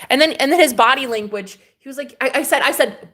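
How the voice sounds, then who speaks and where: A young woman with a slightly high voice tells a story on her vlog. She talks in an animated way, full of slang and swearing. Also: fast talker, hardly any pauses. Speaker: vlogger.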